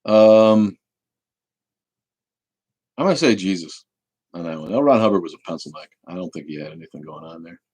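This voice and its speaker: A man's voice: low-pitched, lively intonation, moderate pace, pauses often, a little mellow, dry recording, low-quality recording. A man hosting a casual livestream Q&A who rambles, restarts his sentences and swears freely. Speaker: host.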